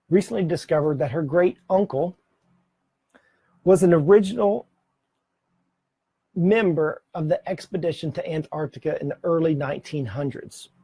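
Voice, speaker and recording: A middle-aged man talks to his camera about giving presentations, chatty and prone to self-corrections. His voice sits a little high yet sounds mellow, with a husky, gravelly grain. The sound is dry, with no room echo. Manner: conversational, self-correcting, occasional laughs. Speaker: presenter giving speaking tips. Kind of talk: casual instructional talk to camera. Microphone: camera mic, speaking to camera.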